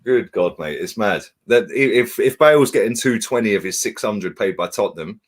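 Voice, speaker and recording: A man's voice: fairly low pitch, lively intonation, normal speed, breathy edge. A young man, chatting casually on a live stream, reading out viewer comments and laughing often. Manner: laid-back, laughs often, slang-heavy.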